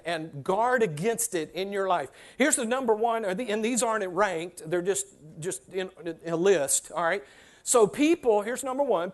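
A man with a high voice delivers a sermon in a church sanctuary. He keeps it conversational and repeats his key phrases for emphasis. He slips into everyday voices to act out what people say. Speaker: pastor.

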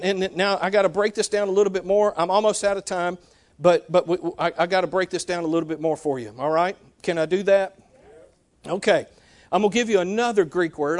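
Male preacher, high voice, animated teaching sermon with frequent "okay?" check-ins.

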